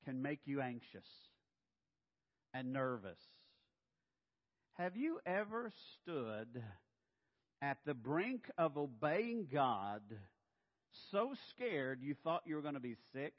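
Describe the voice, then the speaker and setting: A male pastor delivers an animated sermon in a fairly high voice. He speeds up and then slows right down to stress his points. Long reverb from the church hall surrounds him, and the sound is muffled and lo-fi. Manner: animated, pushes pace then slows for emphasis. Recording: dull, echoey hall.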